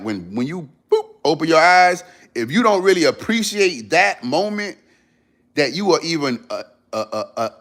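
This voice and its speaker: Guy on a livestream preaching gratitude, pitch jumps all over, repeats himself to hammer it home. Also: fairly bright tone. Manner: earnest, emphatic, repeats phrases for stress; talks straight to viewers, casual slang. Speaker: livestream host. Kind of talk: motivational livestream talk.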